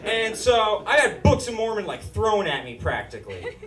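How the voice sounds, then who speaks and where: Nasal high-voiced man doing stand-up. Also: very animated, normal speed, crowd noise. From Utah. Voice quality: nasal, whiny. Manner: brash, profane, self-mocking delivery. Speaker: stand-up comedian. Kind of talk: stand-up comedy set. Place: comedy club stage before a live audience. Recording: echoey room, distant mic, audience laughter.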